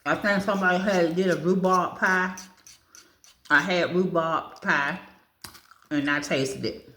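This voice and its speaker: A woman's voice: fairly low pitch, fairly even intonation, a little slow, pushed and bright. A woman vlogging over breakfast, chatting casually, reading through a food list and talking with her mouth full. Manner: chatty, reads a food list aloud and comments on it. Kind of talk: casual chat while eating. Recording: echoey room.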